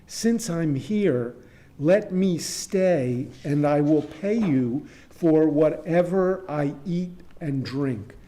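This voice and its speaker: A man putting on an embarrassed guest who is pleading in a hushed voice. He talks slowly with a mellow tone and begs not to be shamed. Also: on the high side, animated. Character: humiliated man pleading to stay at a party.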